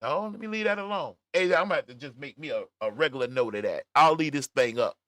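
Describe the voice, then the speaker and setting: A middle-aged man hosting a casual livestream, reading chat comments aloud with laughter and drawn-out emphasis. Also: on the high side, animated, a bit bright, dry recording. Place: at home, smoking a cigar.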